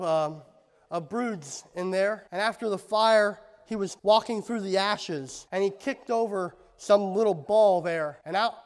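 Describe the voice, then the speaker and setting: A man preaching a sermon to a congregation, moving between quiet and impassioned, loud passages. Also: high voice, long reverb tail. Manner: impassioned, swings from soft to loud. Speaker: pastor. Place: church sanctuary.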